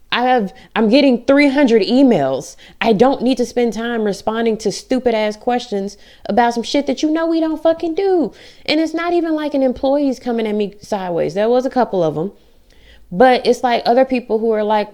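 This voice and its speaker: A woman's voice: a little high, moderate pace, a little mellow. A woman talking candidly in a personal vlog, blunt and frequently swearing, acting out the things people said to her. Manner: blunt, frequent swearing, acts out quoted dialogue. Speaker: vlogger.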